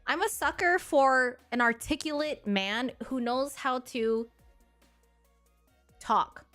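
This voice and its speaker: A woman in her thirties chats with her stream viewers in a high, bright voice. She is blunt, sassy and crude, and laughs often. Soft music plays under her talk. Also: slow pace. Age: 30s. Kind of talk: casual chat to chat readers.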